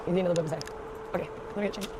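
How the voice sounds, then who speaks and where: A woman's voice: on the low side, fairly even intonation, racing, darkish tone, slight background noise. A woman vlogger chatting casually to camera, rambling with lots of fillers. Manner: rambling, full of fillers and restarts.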